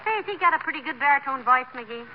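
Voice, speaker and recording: An actress playing a gentle, patient wife who teases her husband in a 1940s radio comedy. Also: high voice, animated, fast. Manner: gentle, teasing, calls husband "dearie". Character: patient, sweet-natured wife. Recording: old lo-fi radio broadcast with loud hiss.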